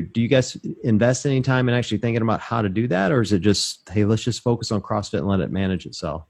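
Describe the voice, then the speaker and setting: A man's voice: lowish voice, a little mellow. A man from Mississippi hosting a casual interview over a video call, rambling and self-deprecating, chuckling as he talks. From Mississippi, USA. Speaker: podcast host.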